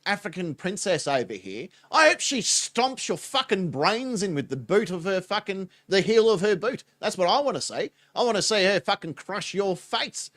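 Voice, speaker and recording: A man's voice: high-pitched, sing-song, normal speed, few pauses, a bit bright. A man, giving crude, mocking reaction commentary and laughing often. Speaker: reaction channel host.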